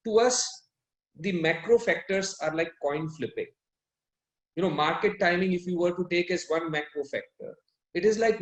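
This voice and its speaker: Man, fund manager on a panel, high voice, analytical, roomy echo. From India. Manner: analytical, self-correcting mid-sentence. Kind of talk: explanatory panel talk.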